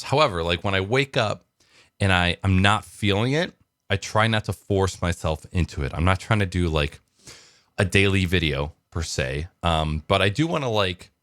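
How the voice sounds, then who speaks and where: A deep-voiced man rambling through a casual morning vlog, with plenty of ums and likes. The sound is dry and close, with no room echo. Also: fairly bright tone. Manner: rambling, lots of fillers. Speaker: vlogger.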